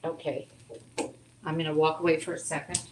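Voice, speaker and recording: A woman's voice: deep voice, little pitch movement, fairly quick, roomy sound, very noisy. A woman teaching a live online cooking class from her home kitchen, chatting and making asides as she cooks.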